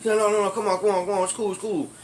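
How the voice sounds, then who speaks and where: A big, tall older street tough, as a man puts him on, coaxing and insistent, saying the same words over and over. The voice sits a little high, with faint background noise. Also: level tone, very fast, lightly acted, low-quality recording. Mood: placating. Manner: insistent, repeating phrases.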